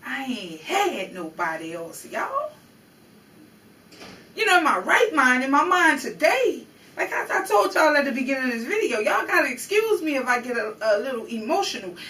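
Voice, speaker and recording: A woman's voice: high-pitched, lively intonation, brisk, bright, forceful tone, distant mic. A woman vlogger giving an emotional, profane, confrontational commentary on a news story, drawing on her own life. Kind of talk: emotional personal commentary rant. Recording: roomy echo, voice off-mic.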